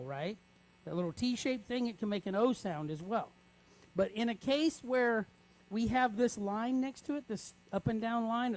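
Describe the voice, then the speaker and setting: A man teaching a reading lesson, breaking words into sounds and checking in with the class after each step. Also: high-pitched. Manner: patient, checks in with frequent "right?"; spells out sounds slowly, syllable by syllable.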